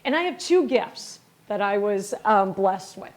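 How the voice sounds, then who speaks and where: A woman's voice: medium pitch, expressive, unhurried. A middle-aged woman from Wisconsin giving a lecture as a company founder, chatty and self-deprecating, acting out bits of dialogue as she tells stories. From Wisconsin, USA. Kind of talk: storytelling lecture.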